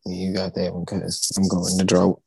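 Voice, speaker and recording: Gravelly young man, relaxed slang. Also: deep voice, moderate pace, no echo, poor audio. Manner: relaxed, slangy, hesitant fillers. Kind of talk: casual chat.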